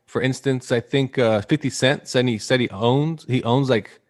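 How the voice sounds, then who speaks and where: A man's voice: medium pitch, normal speed, a little mellow. A man hosting a podcast in casual, rambling chat, joking and teasing his co-hosts. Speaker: podcast host.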